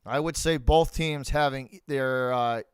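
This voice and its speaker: A man's voice: mid-range voice, fairly even intonation, measured pace, smooth, no echo. A man with a Boston accent giving live hockey play-by-play as a fan streamer, talking to his chat and rooting for his team. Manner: chatty, rooting for Boston, talks to chat viewers.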